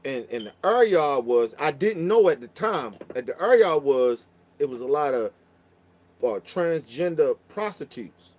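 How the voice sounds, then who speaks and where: Man, somewhat high-pitched, casual storytelling, profane, rambling, lots of restarts. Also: animated, moderate pace, a little mellow. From Baltimore.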